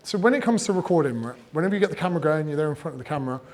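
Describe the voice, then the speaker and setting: A man giving casual, energetic advice on growing an audience, swearing freely and acting out what people say. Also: fairly high pitch, racing. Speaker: fitness and business coach giving creator advice. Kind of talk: casual talk, teaching.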